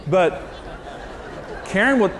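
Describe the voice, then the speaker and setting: A man's voice: high voice, expressive, takes it slowly, a bit bright, a faint crowd, a little hiss or hum. A man preaching in a humorous, self-deprecating storytelling way, using jokes and anecdotes. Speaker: pastor.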